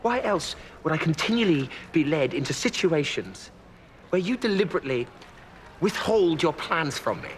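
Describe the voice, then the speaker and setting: A fed-up, loyal doctor friend; indignant film delivery, lively and a bit high. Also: male voice, normal speed, a little hiss or hum. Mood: exasperated. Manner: indignant, complaining. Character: exasperated loyal male doctor sidekick, engaged to marry. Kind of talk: period film dialogue.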